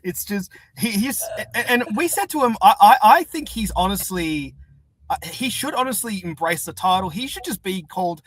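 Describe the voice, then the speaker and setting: Enthusiastic man, fairly high voice. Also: expressive, normal speed, fairly bright tone, no echo. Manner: enthusiastic, uses fillers. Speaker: podcast host. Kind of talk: casual interview chat.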